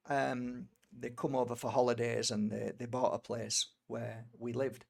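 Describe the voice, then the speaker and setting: Gravelly British man telling a story. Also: mid-range voice, flat delivery, normal speed, few pauses. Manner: rambling, with many fillers and restarts. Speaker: energy healer and tarot reader. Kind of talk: personal storytelling.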